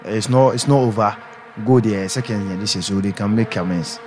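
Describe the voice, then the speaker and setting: A man's voice: lowish voice, brisk, darkish tone, a little hiss or hum. Man analysing a football match. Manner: talks in pidgin English, explains plays. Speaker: football pundit.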